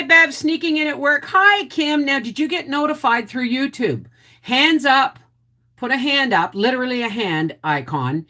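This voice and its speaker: A woman's voice: medium pitch, a bit bright. An older woman hosting a casual livestream, chatting and greeting viewers by name. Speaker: homestead channel host.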